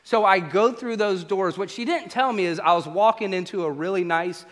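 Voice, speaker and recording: A man preaching a sermon, an animated storyteller who acts out the exchanges he describes. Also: sits high, normal speed. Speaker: pastor. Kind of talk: sermon with humorous travel stories. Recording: echoey hall reverb.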